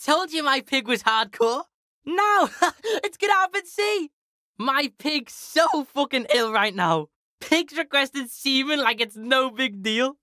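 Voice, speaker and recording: A brash, swaggering street kid from a video game, played by a woman, who is foul-mouthed and always talks about himself in the third person. The voice is high and bright. It sounds dry and close. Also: animated, slow, dry recording, heavily acted. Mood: cocky. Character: foul-mouthed cocky young street boy. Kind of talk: video game character acting.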